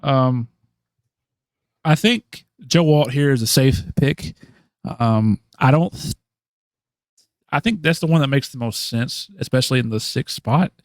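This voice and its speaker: A man co-hosting a casual podcast chat, working his way through ideas out loud with plenty of ums and false starts. His voice sits at an ordinary pitch and the recording is close and dry, with no room sound around it. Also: a little slow, long pauses, no room sound. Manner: thinking aloud with many ums and restarts. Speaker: podcast co-host. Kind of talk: casual mock-draft chat.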